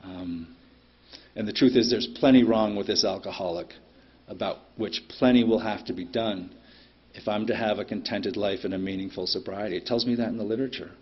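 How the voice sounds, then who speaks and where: This middle-aged man's voice sits on the low side and is slightly rough, staying steady in tone as he moves along fairly quickly. He's giving a personal share at a recovery meeting, blunt and plainspoken, with lots of ums and some swearing. It's a dull, lo-fi recording made in a meeting room.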